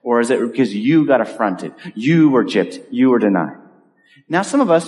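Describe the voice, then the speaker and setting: A man preaches in a church sanctuary, his voice sitting at an ordinary middle pitch. He talks earnestly and conversationally, with pauses and restarts. Long hall reverb trails each phrase. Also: big pitch swings, darkish tone. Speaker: pastor. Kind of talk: sermon.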